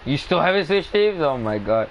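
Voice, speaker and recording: A young man chatting casually while playing an online game, excitable and trash-talking, jumping between loud outbursts and low mutters. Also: normal speed, muffled recording, a little hiss or hum. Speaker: gamer. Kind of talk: casual gaming chat.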